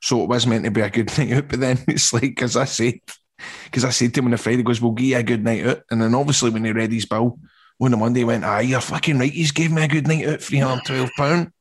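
A man's voice: medium pitch, quick pace, slightly rough. A man with a Scottish accent, co-hosting a podcast and telling a story in casual chat, mimicking the people in it. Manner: animated storytelling, mimics others' voices. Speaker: podcast co-host.

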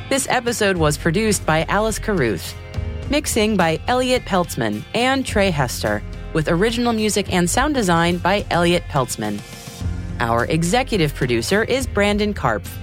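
A woman hosting a news podcast, reading a script with a chatty, joking manner. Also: on the low side. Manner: chatty, jokey asides. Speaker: podcast host.

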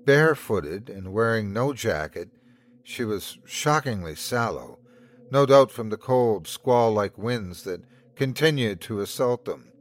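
A man hosting and narrating a scripted horror story in a measured, dramatic way. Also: lowish voice, animated. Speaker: host and narrator.

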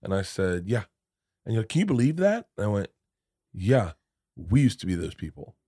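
A middle-aged man talks in a low register and tells a long anecdote full of asides and cursing. The studio mic is close and dry, with no room sound. His delivery sounds loose and conversational. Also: moderate pace, no echo. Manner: storytelling, profane, animated asides. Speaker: podcast guest. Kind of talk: casual chat.

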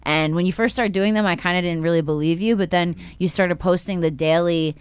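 A young woman hosting her own podcast, telling family stories in an animated way, laughing and swearing freely. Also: fairly low pitch, brisk, clean tone, dry recording. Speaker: podcast host. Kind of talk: casual family storytelling chat.

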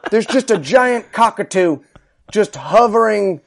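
Gravelly-voiced man joking on a podcast. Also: high voice, expressive, unhurried. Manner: mocking, does mock politician voices, laughs often. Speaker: podcast co-host. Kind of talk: comedic casual chat.

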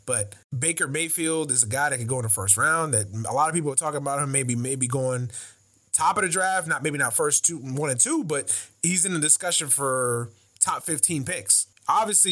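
A man's voice: on the high side, a bit bright. A man co-hosting a casual sports talk show, delivering an incredulous, profane rant. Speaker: podcast co-host.

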